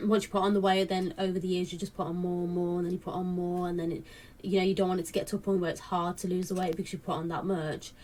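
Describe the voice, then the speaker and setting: A woman's voice: lowish voice, flat delivery, fast, a little mellow. A woman in her late twenties chatting casually to camera, rambling with lots of fillers and restarts. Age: late 20s. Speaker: vlogger.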